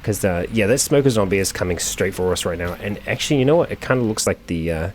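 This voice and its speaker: A man with a fairly low voice talks through a video game session as its host. He thinks out loud and leans on casual fillers as he plays. A faint hiss sits under the recording. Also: expressive, fast. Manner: chatty, thinking aloud, frequent fillers. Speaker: let's play host. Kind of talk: gameplay commentary.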